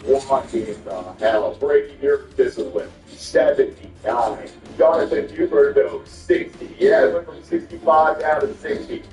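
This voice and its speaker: A man's voice: medium pitch, a little slow, hardly any pauses, darkish tone, soft background music. A young man commentating his own gameplay, thinking aloud and getting frustrated. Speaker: gaming channel host. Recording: roomy, somewhat distant mic.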